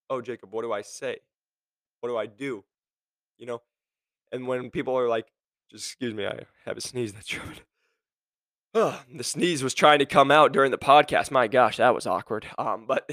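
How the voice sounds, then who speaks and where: A man hosting a podcast, coaching listeners on sales careers in a direct, energetic way, firing off rhetorical questions and acting out quotes. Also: medium pitch, no echo. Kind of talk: motivational podcast monologue.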